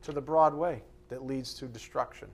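A man's voice: mid-range voice, moderate pace. A male pastor preaching a sermon in a blunt, conversational way, with sarcastic asides.

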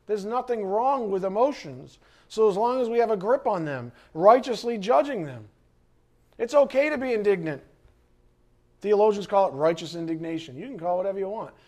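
Animated high-voiced male preacher. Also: brisk. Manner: animated preaching, acts out quoted voices and shouts. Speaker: pastor. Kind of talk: sermon.

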